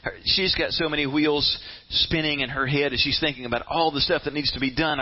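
A man preaching a sermon, retelling a story with animated flair and asking the audience questions directly. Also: fairly high pitch, normal speed, slight background noise. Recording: dull lo-fi sound.

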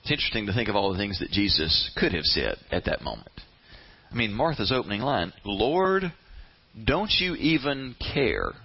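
A man preaching a sermon, retelling a story with lively, swooping delivery. His voice is a little husky and sits fairly high for a man. The recording sounds dull and lo-fi. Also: moderate pace. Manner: animated storytelling, addresses the audience directly.

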